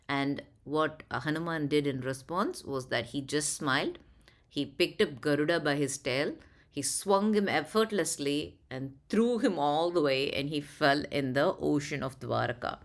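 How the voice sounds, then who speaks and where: Storyteller, woman, low voice, casual devotional retelling. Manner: conversational, with fillers.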